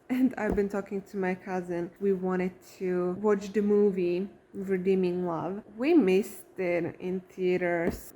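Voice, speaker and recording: Young woman, warm and mellow, chatty, scattered vlog talk. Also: mid-range voice, a little hiss or hum. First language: Slovak. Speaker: vlogger. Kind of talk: casual vlog chat about books.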